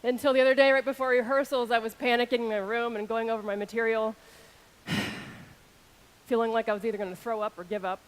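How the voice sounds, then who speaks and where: A woman in her thirties speaking on an arena stage with a fairly high voice. She moves between loud shout-outs to the crowd and a slower, intimate delivery, all through a stage microphone. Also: fairly even intonation. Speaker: keynote speaker. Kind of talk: arena keynote speech.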